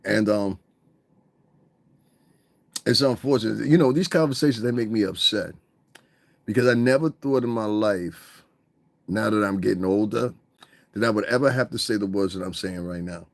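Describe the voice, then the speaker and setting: A man hosting a podcast in a casual, animated monologue, swearing and mimicking other people's voices. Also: on the low side, moderate pace, vocal fry, pauses often, no room sound. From United States. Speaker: podcast host.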